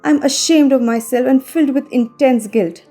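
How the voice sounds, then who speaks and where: A woman's voice: high voice, moderate pace, dark tone, faint music behind. A woman voicing a distraught young mother who pleads and sobs with guilt, her voice faltering. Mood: upset pleading.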